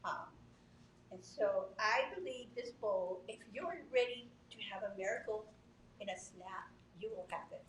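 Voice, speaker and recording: A woman in her sixties giving an earnest, unhurried testimony to a congregation. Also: mid-range voice, a bit bright. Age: 60s. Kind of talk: heartfelt testimony. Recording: echoey room from a distant mic, faint noise.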